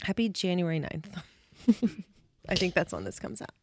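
A young adult woman co-hosting a casual chat podcast in a studio, chatty and quick to laugh. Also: lowish voice, sing-song, slightly rough, no echo. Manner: giggly, chatty. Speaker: podcast co-host, publicist. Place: recording studio.

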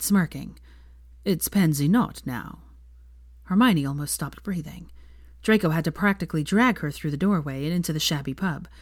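Low-voiced woman reading a story aloud. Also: no echo, studio quality. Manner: expressive reading, slows and shifts voice for dialogue. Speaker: fan fiction reader. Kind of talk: audiobook-style story narration.

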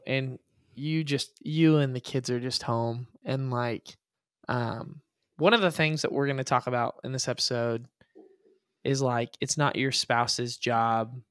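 A man co-hosting a marriage podcast, speaking earnestly and haltingly, often repeating himself. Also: medium pitch, a bit bright, no room sound, clean studio sound. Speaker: podcast co-host. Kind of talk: casual chat.

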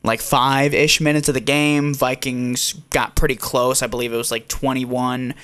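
Young male co-host, clear smooth tone, casual and excitable, curses freely. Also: medium pitch, normal speed. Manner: excitable, swears freely, lots of fillers. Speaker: podcast co-host. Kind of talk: casual sports podcast chat.

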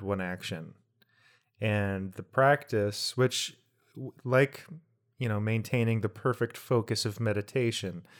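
A middle-aged man co-hosting a relaxed podcast, talking in a thoughtful, wandering way. He breaks his reflections with wry jokes and often restarts his sentences. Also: fairly low pitch. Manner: reflective, jokey asides, trailing restarts. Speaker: podcast co-host. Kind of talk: casual conversational podcast.

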